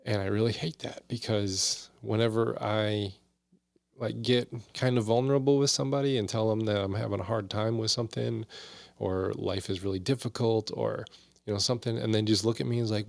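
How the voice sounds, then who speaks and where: A low-voiced man with a gravelly, creaky edge talks through a Bible passage in a loose, conversational way. The sound is dry and close, with no room around him. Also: steady tone, moderate pace, no echo. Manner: conversational and candid, with frequent fillers and asides. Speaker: podcast guest teaching Bible study. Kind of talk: casual teaching talk.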